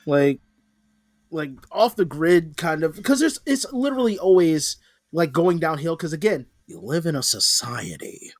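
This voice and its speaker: Co-host, male, higher voice, rambling and sweary, dry sound. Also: very animated, measured pace, dry recording. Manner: rambling, profane, many restarts. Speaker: podcast co-host. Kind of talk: casual chat.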